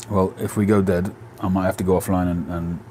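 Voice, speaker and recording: Low, dark-voiced chatty Englishman. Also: level tone, brisk, a little hiss or hum. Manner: chatty, answers viewers' comments. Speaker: live stream host. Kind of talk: casual live chat. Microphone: phone.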